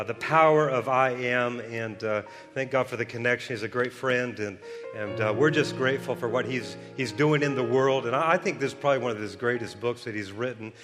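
A male pastor preaching a sermon with energetic, excited delivery that climbs into shouts. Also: mid-range voice, big-room sound. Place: large church hall.

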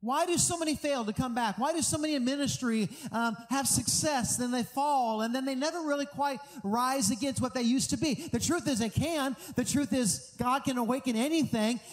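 A man's voice: extremely high pitch, normal speed, hardly any pauses, in a large hall. A middle-aged American pastor preaching an earnest, conversational sermon, often restarting his sentences.

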